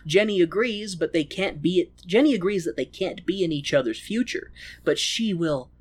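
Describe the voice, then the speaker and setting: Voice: medium pitch, lively intonation, normal speed. A podcast host recapping a film in casual chat, crude and sarcastic.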